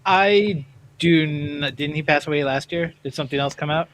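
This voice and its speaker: A woman's voice: low-pitched, normal speed. A woman co-host chatting casually, giving brief, easygoing replies. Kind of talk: casual chat.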